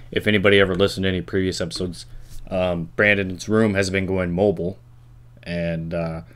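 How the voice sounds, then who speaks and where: A man's voice: on the low side, fairly bright tone. A young man hosting his own vlog, rambling casually and joking to himself. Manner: rambling, self-talking, jokey. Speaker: vlog host.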